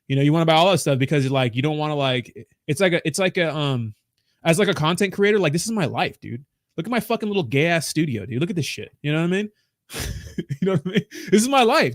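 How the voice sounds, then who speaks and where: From a small home studio, a man runs a crypto livestream, ranting and rambling while cursing nonstop. His pitch is fairly high and there's no room sound at all.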